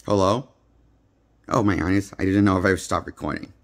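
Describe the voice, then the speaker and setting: A man gives a casual, blunt movie review that rambles and repeats itself, recorded on a handheld phone. His voice is low, with fairly even intonation, at a normal speed.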